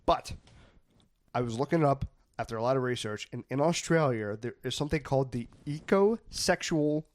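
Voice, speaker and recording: A man's voice: medium pitch, expressive, brisk, no echo. A man hosting a comedy podcast, joking and stumbling as he reads facts to his co-hosts. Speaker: podcast host.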